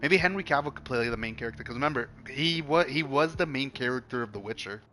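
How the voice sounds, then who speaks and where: A young male streamer with a bright, forward voice chats loosely and swears freely, restarting his sentences again and again. Faint game music plays underneath, and his pitch sits in an ordinary middle range. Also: quick pace. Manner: rambling, profane, many restarts. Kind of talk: casual chat while streaming a game.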